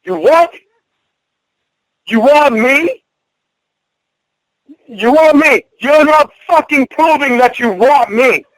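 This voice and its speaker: A man with a high voice argues angrily and bitterly, swearing and laying down ultimatums. His voice sounds dry and close, with no room around it. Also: expressive, slow, long pauses, a bit bright, no room sound, poor audio. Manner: angry, bitter, profane ultimatums. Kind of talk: heated argument on a phone call.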